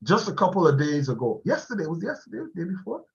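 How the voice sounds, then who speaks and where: Speaking slowly but animatedly in a high-pitched voice, a man gives a motivational talk to an online class over a video call. He laughs often as he goes, and the sound is lo-fi.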